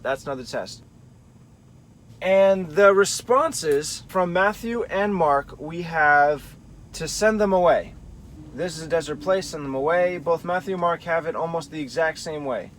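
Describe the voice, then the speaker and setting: A man's voice: fairly high pitch, moderate pace. A man teaching a Bible study, thinking aloud and carefully weighing different readings of the text. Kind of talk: explanatory Bible study talk.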